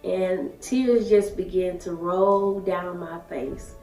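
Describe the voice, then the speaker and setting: A woman, telling her own story in halting, emotional short phrases. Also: on the low side, steady tone. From Alabama, USA. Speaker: daycare worker sharing her story. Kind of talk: personal testimony. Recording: echoey room, distant mic, soft music.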